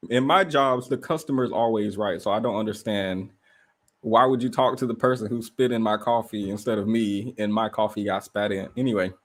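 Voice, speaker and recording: A man hosting a casual livestream from a rented room indoors, telling stories in an animated way and firing off rhetorical questions. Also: on the low side, brisk. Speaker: livestream host.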